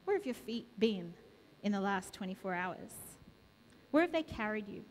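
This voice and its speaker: A woman's voice: mid-range voice, sing-song, normal speed, slight background noise. A woman preaching a sermon in a church, asking the congregation a string of repeated questions. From Australia. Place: church sanctuary. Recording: long reverb of a church hall.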